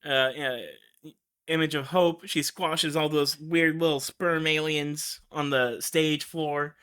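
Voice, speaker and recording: A man's voice: fairly high pitch, fairly even intonation, takes it slowly, sharp tone, clear, resonant tone. A man hosting a show, chatting casually about films, rambling and laughing often. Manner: rambling, full of fillers and restarts, laughs often. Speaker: show host. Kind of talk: casual film commentary.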